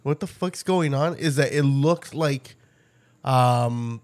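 A man co-hosting a casual podcast, teasing his co-host and throwing in quick jokes. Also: medium pitch, darkish tone. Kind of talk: casual chat.

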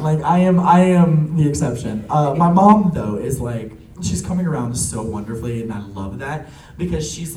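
A young man telling family stories in casual chat, animated and laughing often, with lots of fillers. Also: a little high, slight background noise. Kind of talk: casual storytelling. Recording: echoey room, a bit far from the mic.

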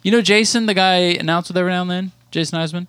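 A man's voice: high voice, steady tone, racing, a bit bright, smooth, dry recording. A man co-hosting a podcast in casual chat, teasing and joking with his co-host.

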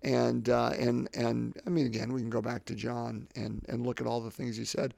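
A man in his fifties hosts a faith podcast, speaking at normal speed in a medium-pitched voice that's gravelly, a little mellow and level in tone. The dry, clean studio recording catches him reflecting in a rambling way, repeating words as he gathers his thoughts.

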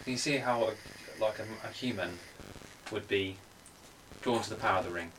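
A man's voice: on the low side, normal speed, fairly bright tone, recorded from a distance, a little hiss or hum, poor audio. A man explaining in earnest, detailed casual chat with friends.

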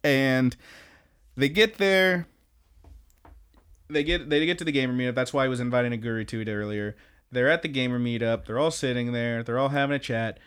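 A man's voice: mid-range voice, brisk, a bit bright, clear, resonant tone. A young man co-hosting a podcast, recapping an anime in casual, rambling chat and laughing often. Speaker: podcast co-host.

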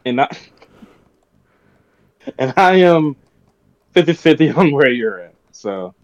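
A man co-hosting a casual podcast chat, rambling and animated as he goes off on rants. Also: fairly high pitch, slow, no room sound. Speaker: podcast co-host. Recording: dull lo-fi podcast audio.

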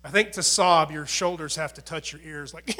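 A middle-aged man preaching a sermon as a pastor, conversational and earnest, swinging between loud emphasis and quiet asides. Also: a little high.

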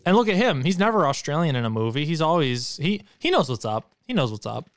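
A man's voice: fairly high pitch, sing-song, quick pace, dry recording, studio quality. A man co-hosting a podcast in casual chat, joking and sarcastic. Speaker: podcast co-host.

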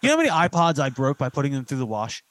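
A man in his twenties, a podcast host, chatting casually and telling stories fast with plenty of swearing. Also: medium pitch, huge pitch swings, a bit bright, no echo. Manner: fast, profane, storytelling with acted-out quotes. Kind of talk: casual chat.

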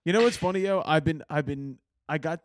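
A man's voice: on the high side, fairly quick, a little hiss or hum. A young man from Philadelphia hosting a podcast over a video call, laughing often and swearing freely in casual chat. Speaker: podcast host.

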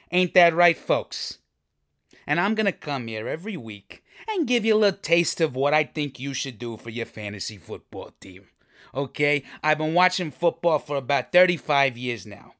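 A man plays a swaggering tough-guy football podcaster in his forties, pushy and boastful, with veiled menace in his asides. His medium-pitched voice swoops up and down with lively, animated inflection as he jokes and bullies his listeners. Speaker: fantasy football podcast host. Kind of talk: comic character monologue. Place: recording studio.

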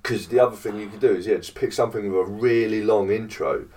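A man's voice: lowish voice, steady tone, fast talker, darkish tone, far from the mic. A man co-hosting a casual podcast chat, swearing, laughing and filling his talk with "like" and "um". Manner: laughs often, swears, uses many fillers. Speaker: podcast co-host.

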